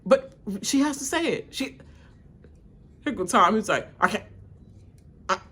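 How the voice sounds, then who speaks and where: A woman reacts live to a reality show, ranting bluntly and breaking into laughter. Her voice runs high and swings widely in pitch as she acts out the cast in over-the-top voices. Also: lively intonation, unhurried, fairly bright tone, husky. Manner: laughing often, mimicking cast members in exaggerated voices. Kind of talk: live watch-along reaction and rant.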